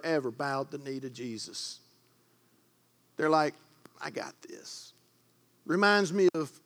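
A middle-aged man preaching a sermon as pastor, swinging from hushed lines to loud emphatic ones and repeating phrases for force. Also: high-pitched.

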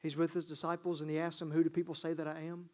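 A man's voice: on the high side, completely flat delivery, quick pace. A man preaching a sermon, emphatic and asking the congregation questions. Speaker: pastor.

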